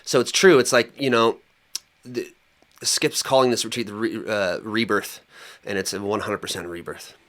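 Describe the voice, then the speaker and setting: A young man co-hosting a podcast, telling a story in a lively, colloquial way with lots of fillers. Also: on the low side, moderate pace. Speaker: podcast co-host. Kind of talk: casual chat.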